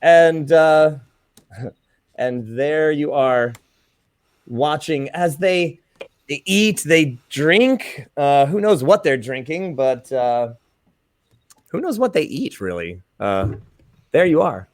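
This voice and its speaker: Slow, chuckling male game master. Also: fairly high pitch, animated, no echo. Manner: unhurried, chuckling. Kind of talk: narrating a tabletop game.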